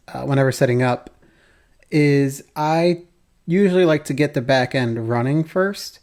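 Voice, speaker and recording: A man's voice: medium pitch, a little mellow. A man hosting a code-along programming tutorial, thinking aloud as he types, with keyboard typing behind him.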